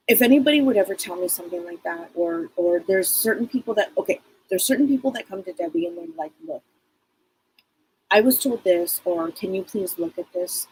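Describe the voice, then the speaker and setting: A woman's voice: medium pitch, darkish tone, a little hiss or hum, rough recording. A middle-aged woman hosting a live psychic reading broadcast, rambling casually with many fillers. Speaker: psychic show host.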